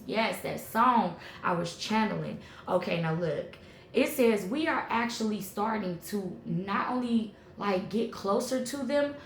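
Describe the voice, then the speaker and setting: A woman giving a tarot reading in an animated, emphatic, slangy way, checking in often with her viewers. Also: medium pitch, echoey room, slight background noise. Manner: animated, emphatic, slangy and conversational with repeated "okay?". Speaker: tarot reader.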